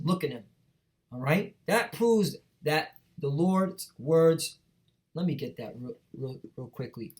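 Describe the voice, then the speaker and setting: A man's voice: on the high side, expressive, unhurried, a little mellow. A man teaching from the Bible in an emphatic, preachy way, reading verses aloud and checking in with the listener as he goes. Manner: emphatic, repeats "all right?" and "man". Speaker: street preacher.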